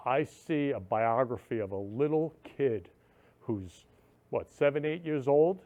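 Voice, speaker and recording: A man's voice: mid-range voice, a little mellow, dull audio. A man hosting a talk show, speaking in an earnest, emotional monologue that keeps repeating itself. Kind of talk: heartfelt monologue.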